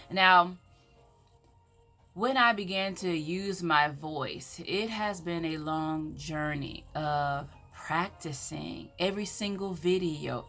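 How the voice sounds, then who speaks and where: A woman's voice: on the low side, pushed and bright. A woman with a Southern American accent, speaking as an empowerment speaker in a preacherly, emphatic way. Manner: preacherly, scripture-quoting, emphatic. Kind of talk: inspirational faith talk.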